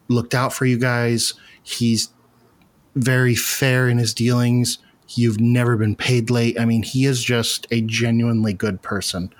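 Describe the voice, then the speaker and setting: A man narrating as game master of a tabletop game, relaxed and casual with many fillers. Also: mid-range voice.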